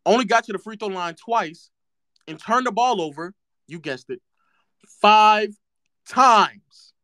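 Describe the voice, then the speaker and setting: A man's voice: high-pitched, animated, moderate pace, a bit bright, no echo, clean studio sound. Sarcastic man ranting about basketball. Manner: sarcastic and mocking, repeats phrases for effect. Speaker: streamer.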